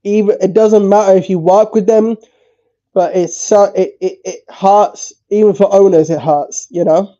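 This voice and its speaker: A tearful man streaming, speaking haltingly with repeated words and swearing. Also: sits high, steady tone, mellow, dull audio. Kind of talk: emotional livestream talk.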